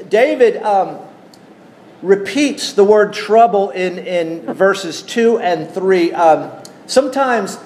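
A man preaching a sermon, teaching at an unhurried pace and putting questions to his congregation. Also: sits high, a little mellow, a little hiss or hum. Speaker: pastor.

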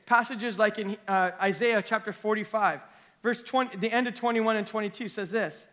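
Man preaching, high voice, bright tone, earnest sermon, reads scripture aloud. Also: moderate pace, big-room sound. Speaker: pastor.

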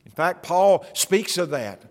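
A man with a fairly high-pitched voice preaching a sermon, talking to the congregation in a conversational way and asking them rhetorical questions. His voice carries a long reverb, as in a large hall. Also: animated, slow pace. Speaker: pastor.

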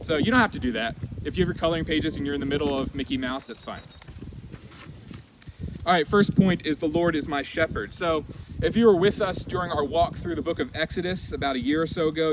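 A man delivers a sermon with earnest emphasis, leaning on single words and pausing between phrases. His voice sits a little high for a man. A faint background hum runs under his speech. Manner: earnest, emphatic preaching with deliberate pauses. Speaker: pastor.

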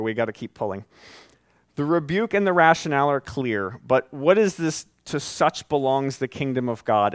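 A man preaching a sermon as pastor, conversational and animated, with folksy asides. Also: medium pitch, no room sound, studio quality.

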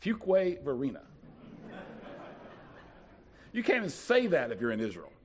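Give me a man from North Carolina preaching a sermon, his voice leaping all over in pitch and getting loud on key points. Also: huge pitch swings, rapid-fire, slight background noise. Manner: dramatic preaching with big swings in loudness. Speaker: pastor.

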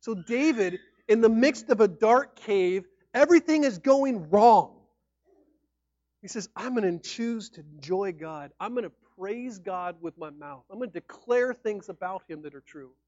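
A man with a high voice preaches a sermon in a lively, conversational way and sometimes acts out how people react. The recording is dry and dull, with a muffled lo-fi sound. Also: measured pace, dry recording. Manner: animated, acts out shouting fans and mock-formal speech. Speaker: pastor.

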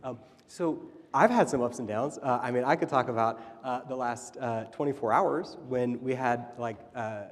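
A man in his thirties, a church leader, telling stories in a casual, animated sermon. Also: mid-range voice, moderate pace, hardly any pauses. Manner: animated, chatty storytelling. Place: church sanctuary. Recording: reverberant church hall.

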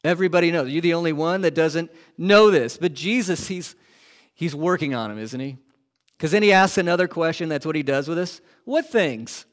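A man preaching a sermon as a pastor, asking the congregation questions and moving between loud emphasis and hushed, quiet lines. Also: fairly high pitch, lively intonation, moderate pace.

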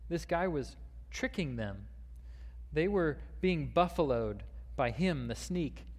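A man's voice: a little high, lively intonation, slow, big-room sound. A man preaching a sermon, with frequent fillers and restarts, reading a long quoted passage aloud. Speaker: pastor.

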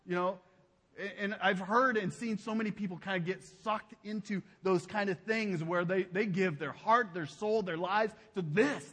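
A man preaching a sermon as pastor. He speaks emphatically and drops to a hushed low voice on key phrases. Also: moderate pace, big-room sound. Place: church sanctuary.

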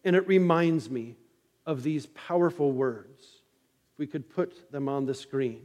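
A man preaching a sermon as pastor, telling the story with dramatic rises and hushed drops. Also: fairly high pitch, a little slow. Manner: dramatic storytelling preacher, rising and falling intensity. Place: church sanctuary. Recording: long reverb of a church hall.

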